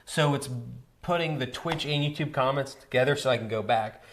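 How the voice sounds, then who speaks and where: A man's voice: medium pitch, a little hiss or hum. A man hosting a live stream, casually chatting and readily agreeing with his guest. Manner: agreeable, quick to affirm.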